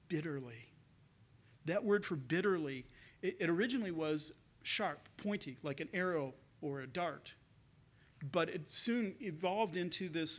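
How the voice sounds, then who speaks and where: A pastor preaching a sermon, telling a story in an earnest way and often repeating words as he goes. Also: fairly high pitch.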